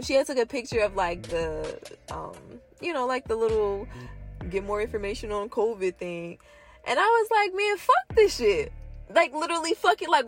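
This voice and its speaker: A woman with a high voice rants on her own in a loose, casual way. She swears constantly and talks bluntly, padding her sentences with "like" and "you know." Faint music plays underneath her voice. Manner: heavy profanity, blunt and heated; lots of filler words like "like" and "you know". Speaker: solo commentator. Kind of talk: casual rant.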